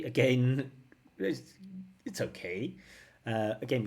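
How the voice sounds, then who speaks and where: A man's voice: medium pitch, sing-song, a little slow, darkish tone. A man working as a language test examiner, giving analytical feedback and repeating phrases to model pronunciation.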